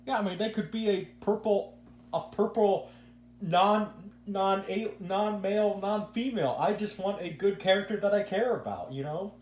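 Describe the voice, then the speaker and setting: A man's voice: high voice, normal speed, darkish tone. A man hosting a casual podcast, giving rambling opinions and stumbling over repeated words. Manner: rambling, repeats words when starting sentences. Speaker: podcast host. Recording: echoey room with faint hum.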